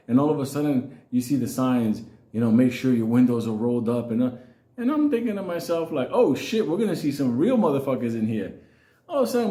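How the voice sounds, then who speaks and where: A man with a New York accent spins a casual, swearing-heavy comic story, chuckling between lines. His voice is mellow and dark, and it rings a little in an echoey room. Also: a little high. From New York City. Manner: profane, laughing, comic exaggeration.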